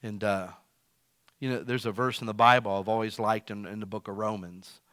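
Loud, animated male preacher. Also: on the low side, normal speed, no room sound. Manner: animated, swings between loud emphasis and quiet asides; self-described as loud. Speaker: pastor. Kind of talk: sermon.

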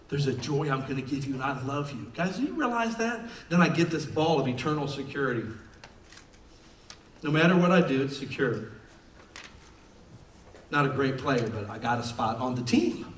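A male pastor preaching a passionate sermon to his church, swinging from quiet talk to shouting. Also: on the high side, animated, normal speed, a little hiss or hum. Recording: echoey church room from far off.

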